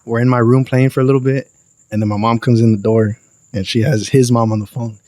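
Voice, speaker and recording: A young man, a podcast guest telling a wild story in a lively, profane, slangy way. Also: medium pitch, a little fast, no echo. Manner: animated, profane, slangy storytelling with acted quotes. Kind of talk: casual storytelling.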